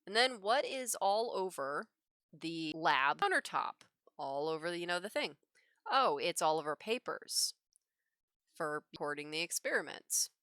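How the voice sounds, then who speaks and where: A woman's voice: lowish voice, measured pace, no echo, clean studio sound. A woman livestreaming her digital drawing, telling a casual story with frequent laughs. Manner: animated, laughs often between phrases. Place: home drawing setup.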